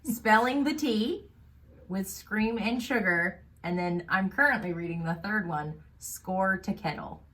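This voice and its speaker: A woman co-hosting a casual book podcast, chatty and animated, laughing often. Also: medium pitch, a little slow. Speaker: podcast co-host.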